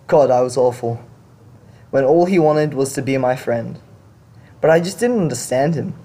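A man's voice: mid-range voice, animated, normal speed, dark tone. A man hosting a show, reading confession stories aloud and reacting to them in blunt, casual talk with some swearing. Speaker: podcast host reading stories.

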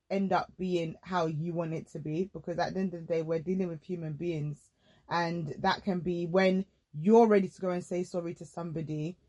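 A woman's voice: fairly low pitch, a little mellow. A woman hosting a casual faith-based podcast chat, speaking in an earnest, reflective way. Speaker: podcast host.

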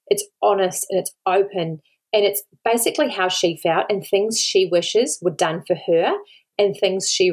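Near tears, an Australian mother who hosts a podcast talks alone to her listeners, earnest and pleading, repeating words to stress them. She has a mid-range voice with a breathy edge.

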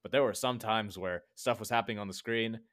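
A man's voice: fairly low pitch, steady tone, a little fast, a bit bright. A man co-hosting a podcast, casually rambling about a film and retelling scenes in quoted voices. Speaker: podcast co-host.

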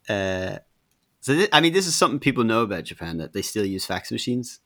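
A man's voice: fairly low pitch, lively intonation, fast talker, a bit bright. A young man, a podcast guest who talks bluntly, swears freely and laughs as he tells his complaint. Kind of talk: casual podcast chat.

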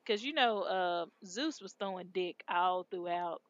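A woman's voice: on the low side, a little slow, no room sound, highs cut off. A woman co-hosting a casual podcast chat, retelling shows in a slangy, laid-back way with lots of fillers. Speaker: podcast co-host.

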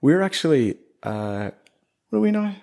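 A man's voice: fairly high pitch, big pitch swings, moderate pace, vocal fry, dark tone. A man in his thirties from Northern Ireland with a Northern Irish accent, chatting casually as an interview guest and laughing often.

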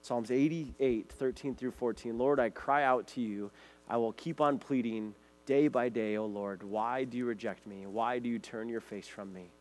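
A man's voice: medium pitch, fairly even intonation, normal speed, darkish tone. Earnest male pastor preaching. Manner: earnest preaching, reading scripture aloud. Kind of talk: sermon.

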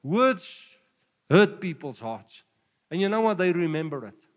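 A man with a South African Afrikaans accent preaching a sermon, jovial and quick to chuckle between points. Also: high-pitched, sing-song, in a large hall. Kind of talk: sermon mixing Afrikaans and English.

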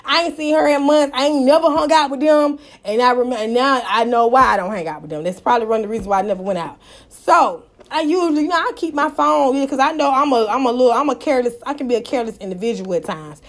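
A young woman with a drawl and a bright, high voice. She talks straight to her viewers in a loose, cussing storytime, with loud, lively bursts of praise. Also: fast talker. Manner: animated, profane, exclaiming praise. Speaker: vlogger. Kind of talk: casual storytime monologue.

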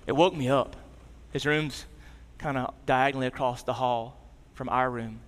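A man in his thirties preaching a sermon as a pastor, telling a family story and moving between lively emphasis and soft, low tones. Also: moderate pace, long reverb tail.

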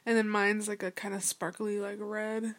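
A woman's voice: mid-range voice, little pitch movement, normal speed. A young woman in casual chat, talking in a rambling way full of fillers. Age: young adult. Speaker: vlogger.

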